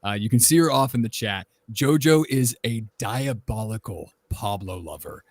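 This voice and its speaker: A man's voice: mid-range voice, moderate pace, no echo. Laid-back man telling stories, dry sound. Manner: relaxed, storytelling, enthusiastic. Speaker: voice actor on a panel. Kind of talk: casual panel talk.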